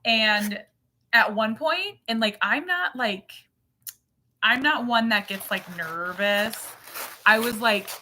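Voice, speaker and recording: A woman's voice: a little high, takes it slowly, pushed and bright, slight background noise. A woman in her thirties or forties, a mother and channel host, chatting casually and animatedly on a livestream, full of fillers.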